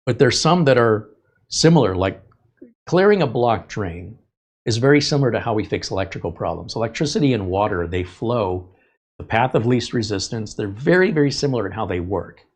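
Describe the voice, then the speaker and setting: Guy rambling on his live tech stream, laughs a lot, kinda low voice. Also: lively intonation, a little fast, slightly rough. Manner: rambling, conversational, laughs often. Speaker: host.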